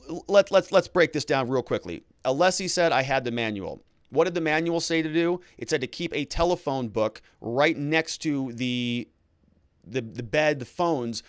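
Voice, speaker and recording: A man's voice: on the high side, no room sound, clean studio sound. A man who hosts a legal commentary show, talking casually and sarcastically while reading documents aloud. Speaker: lawyer and legal commentary host.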